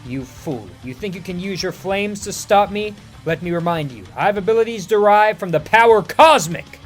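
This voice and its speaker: A man's voice: high-pitched, lively intonation, moderate pace, faint music behind. A man voicing a cold, haughty silver alien herald who speaks in grave, formal lines. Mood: scornful.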